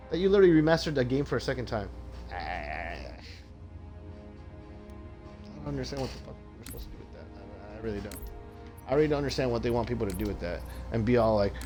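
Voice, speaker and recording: A man's voice: medium pitch, big pitch swings, brisk, faint music behind. Man ranting profanely on a stream. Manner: profane ranting, loud and exasperated. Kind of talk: live gaming stream rant.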